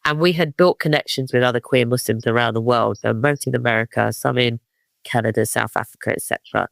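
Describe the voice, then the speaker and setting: A man's voice: medium pitch, fairly even intonation, a little fast, gravelly, fairly bright tone, dry recording. A man in his fifties from East London with a London accent, telling rambling stories as a guest, full of fillers and restarts. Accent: London English. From East London, England. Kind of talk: casual storytelling interview.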